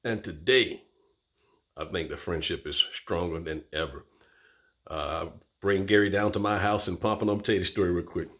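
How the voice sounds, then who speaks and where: A man's voice: low voice, moderate pace. A man, telling a personal story as host and acting out voices. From Florida, USA. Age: 50s. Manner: animated, acts out voices.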